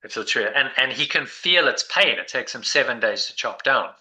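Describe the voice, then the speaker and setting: A man's voice: medium pitch, lively intonation, normal speed, pushed and bright, rough recording. A man leading a spiritual discussion group, talking in a meandering, reflective way with many restarts. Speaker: meditation group leader.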